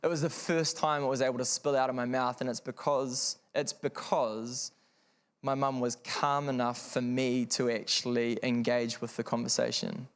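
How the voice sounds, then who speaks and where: A man's voice: mid-range voice, level tone, moderate pace, smooth. A man speaking frankly to parents in a seminar room, telling a personal story in a conversational, earnest way with wry asides.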